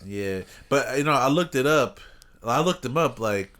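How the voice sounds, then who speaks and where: A man's voice: mid-range voice, lively intonation, normal speed, fairly bright tone. A man telling a rambling school story in casual podcast chat, cursing and laughing often. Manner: rambling storyteller, heavy swearing, laughs a lot. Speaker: podcast co-host.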